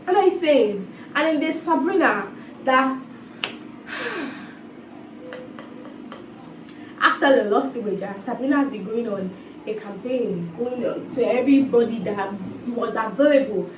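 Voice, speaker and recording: High-voiced woman, roomy and distant. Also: takes it slowly, pauses often, noisy background. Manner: animated, exasperated, repeats phrases. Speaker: reality TV commentator. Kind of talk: casual commentary vlog. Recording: roomy, distant, dull sound.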